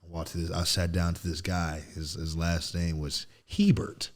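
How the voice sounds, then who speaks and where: A man in his thirties, a podcast guest, telling a story in casual chat, animated and throwing in "bro" a lot. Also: low voice, moderate pace. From United States. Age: 30s. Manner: animated storyteller, acts out quotes loudly, says "bro" often.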